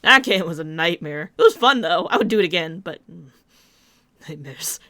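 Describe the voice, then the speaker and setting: A woman's voice: fairly low pitch, lively intonation, moderate pace, pushed and bright. A young woman streaming a game, chatting casually and animatedly, swearing now and then.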